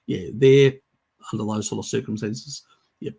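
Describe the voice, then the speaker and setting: A man's voice: fairly low pitch, steady tone, normal speed, gravelly, dark tone, slightly rough. A man hosting a livestream, answering viewer questions in a chatty, rambling way. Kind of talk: casual livestream Q&A.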